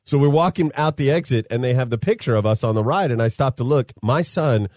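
Male podcast co-host, mid-pitch, casual animated storyteller who laughs through his lines, close dry mic. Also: brisk, no echo. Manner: animated storyteller, laughs mid-sentence, quotes people in dialogue.

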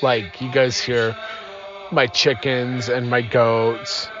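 A man hosts a podcast from inside his car, sounding sleepy and yawning between his words. He talks slowly and rambles, dropping fillers and putting himself down. The sound is dull and lo-fi, with faint music behind him. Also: medium pitch, little pitch movement. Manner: rambling, self-deprecating, many fillers. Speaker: podcast host. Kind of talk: casual rambling podcast talk.

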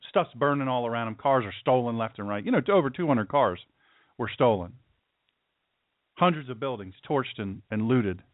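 A man's voice: medium pitch, expressive, moderate pace, dry recording. A man hosting a talk radio show, delivering an opinionated, sarcastic monologue. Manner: sarcastic, mocking, puts on caricature voices. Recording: dry, phone-like radio audio.

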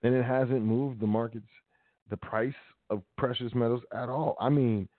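A man's voice: mid-range voice, fairly even intonation, moderate pace, dry recording. Sarcastic man on a tinny line. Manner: sarcastic, loose street slang, reads news items aloud. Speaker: podcast host. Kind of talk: casual commentary on news.

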